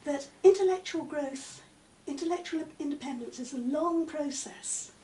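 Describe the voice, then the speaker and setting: Older woman, high mellow voice, measured academic answers, recorded far off in an echoey room. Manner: measured, articulate, many "um" pauses. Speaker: interviewee, literature professor. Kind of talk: conversational interview. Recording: echoey room, mic at a distance, faint noise.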